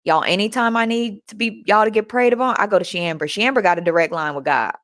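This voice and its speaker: A young woman hosting a motivational live chat, animated and talking straight to her listeners, often repeating herself. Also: mid-range voice, fast talker. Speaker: host.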